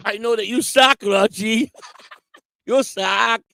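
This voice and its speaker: A man co-hosting a casual livestream, loud and giddy, repeating himself and laughing a lot. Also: high voice, slow pace, creaky, dry recording. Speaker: livestream co-host. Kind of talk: rowdy casual livestream chat.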